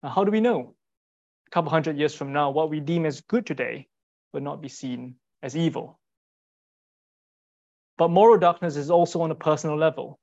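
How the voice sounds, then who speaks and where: A man giving a sermon in an earnest, rhetorical way, repeating short phrases and pausing for weight. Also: on the high side, creaky, a little mellow, lo-fi sound. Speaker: speaker giving a Bible talk.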